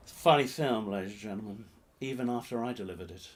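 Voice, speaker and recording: A man hosting a live-streamed pub quiz, jokey and rambling, swinging between loud announcements and muttered asides. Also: lowish voice, fast. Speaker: quiz host.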